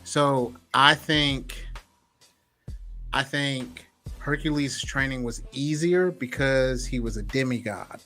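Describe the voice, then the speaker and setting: A man's voice: medium pitch, slow, soft background music. A man co-hosting a casual podcast chat, talking loosely and acting out quotes with laughs. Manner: animated, acts out quotes with laughter. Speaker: podcast co-host.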